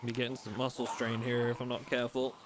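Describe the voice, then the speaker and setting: A young man chatting casually while streaming a survival game, reading chat aloud and thinking out loud. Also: mid-range voice, completely flat delivery, fast talker, very noisy. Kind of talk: casual live-stream commentary.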